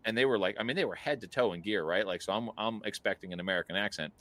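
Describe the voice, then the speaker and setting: A man with a somewhat low voice tells an animated story to his podcast co-host, peppering it with fillers and little laughs. The sound is dry and close, with no room echo. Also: brisk. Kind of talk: casual storytelling chat.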